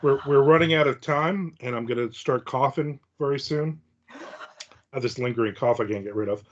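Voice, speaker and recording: A man hosting a podcast in casual chat, telling animated stories and acting out the people he quotes. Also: medium pitch, brisk, muffled recording. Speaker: podcast host.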